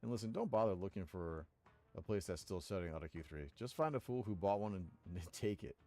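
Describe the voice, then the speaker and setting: A man voicing a gruff small-time yakuza thug who is also a father, talking tough in street slang, with faint game music behind. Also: sits low, brisk, mellow. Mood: menacing. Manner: tough street talk turning to pleading.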